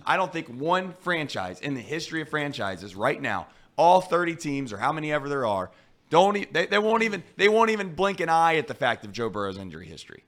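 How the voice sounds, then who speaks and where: A man's voice: a little high, big pitch swings, fairly quick, fairly bright tone. A man hosting a sports talk show in a studio, arguing his point and posing hypotheticals. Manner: argumentative, poses hypotheticals.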